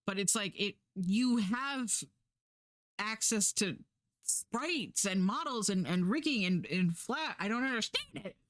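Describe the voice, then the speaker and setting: Woman streamer, casual rambling chat, swears a lot, filler-heavy, does quick character bits. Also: mid-range voice, expressive. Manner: acts out quoted characters.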